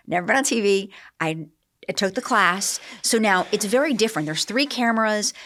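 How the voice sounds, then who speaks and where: A middle-aged woman, a podcast guest, telling animated stories in a casual interview. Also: medium pitch, normal speed, a little hiss or hum. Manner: animated storyteller, acts out quotes. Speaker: podcast guest, celebrity groomer.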